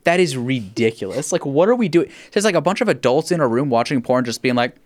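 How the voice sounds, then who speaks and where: A man talks in casual podcast chat with a lively, swooping pitch. He rants, swears and laughs as he talks. The sound is close and dry, with little room. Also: fast talker, dry recording. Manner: animated, profane, laughing rants. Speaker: podcast host.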